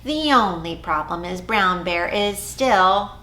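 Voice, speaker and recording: A woman children's librarian hosting a storytime for small children, talking in an animated, exaggerated way with gasps and whispers. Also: on the low side, takes it slowly.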